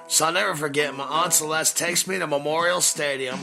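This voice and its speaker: A man's voice: a little high, quick pace, vocal fry, hardly any pauses, bright, forceful tone, faint music behind. A man in his forties, a podcast host, telling a nostalgic story with emphatic, repeated phrases. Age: 40s. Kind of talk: storytelling monologue.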